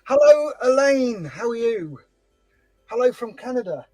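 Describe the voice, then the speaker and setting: A man hosting a scale-modelling livestream, chatting casually and telling stories with animated voices. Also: very high voice, a little slow, no echo, soft background music, poor audio. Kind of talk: casual chat while building a model.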